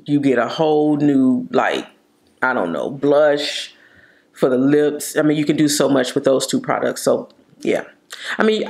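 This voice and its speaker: A beauty vlogger casually reviews her favorite makeup, chatty and gushing, stretching out words for emphasis. Her voice is extremely low in pitch, creaky and darkish in tone.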